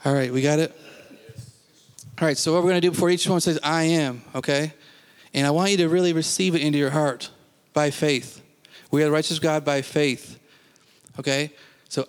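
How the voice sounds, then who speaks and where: A man preaching a sermon as pastor, talking earnestly and conversationally, then leading slow, deliberate confessions for the congregation to repeat. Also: fairly high pitch, fairly even intonation, clear, resonant tone. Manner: leads slow call-and-response confessions.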